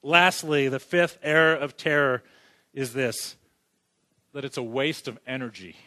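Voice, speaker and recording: With a mid-range voice that is bright and forceful, a man preaches at an unhurried pace in a church sanctuary. He tosses questions to the congregation and jokes as he talks.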